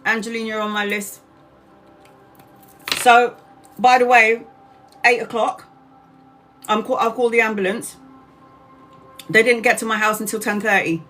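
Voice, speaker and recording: A woman's voice: fairly high pitch, fairly even intonation, measured pace, pauses often, pushed and bright, faint music behind. A woman in her forties, a tarot reader hosting a live stream, telling a story casually, swearing freely and greeting viewers by name as she talks. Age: 40s.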